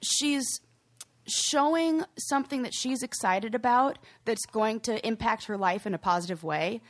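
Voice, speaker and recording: A woman's voice: on the high side, unhurried. Gushing, emotional woman podcast host. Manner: effusive, gushing storyteller. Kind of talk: casual chat.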